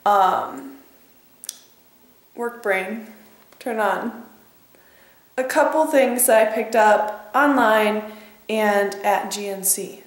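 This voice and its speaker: A woman's voice: medium pitch, gravelly. Chatty woman vlogging in an echoey room. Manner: chatty, upbeat, rambling with fillers. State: morning voice. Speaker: fitness vlogger. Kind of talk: casual vlog chat. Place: empty echoey room with bare floor.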